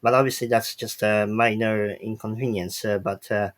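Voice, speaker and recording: A man's voice: on the low side, steady tone, moderate pace. A man whose first language is Polish, interviewing a guest in a hesitant way full of fillers. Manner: hesitant, many fillers, non-native phrasing. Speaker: interviewer, independent journalist. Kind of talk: interview questions and chat.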